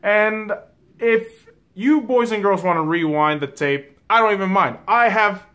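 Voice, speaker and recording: Man, sports vlogger, exasperated profane rant, slightly high voice, bright and forceful. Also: a little slow. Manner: exasperated, swears a lot, calls audience boys and girls.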